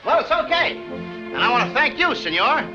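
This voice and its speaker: An actor playing a flustered, bumbling short chubby man who whines and stammers excitably, in 1940s film comedy style. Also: very high voice, moderate pace, over music. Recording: lo-fi old film soundtrack.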